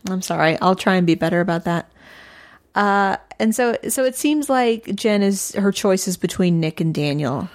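A woman's voice: mid-range voice, animated, moderate pace. A woman co-hosting a podcast, recapping episodes in casual chat and laughing often. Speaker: podcast co-host.

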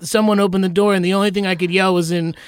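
A man's voice: sits high, level tone, fast, clean tone, no room sound, studio quality. Rambling, self-mocking man guest. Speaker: guest comedian. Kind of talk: improvised comedy game.

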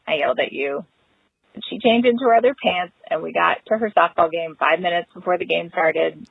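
Mom calling in on a tinny phone line, husky and a bit gravelly, kinda sheepish storytelling. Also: female voice, lowish voice, no echo. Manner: rueful, self-mocking storytelling. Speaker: caller. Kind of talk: voicemail confession.

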